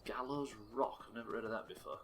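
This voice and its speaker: A man's voice: medium pitch, quick pace, a bit bright, a little hiss or hum. A man streaming a game live, chatting casually and joking with his chat, with frequent swearing. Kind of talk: casual commentary while playing.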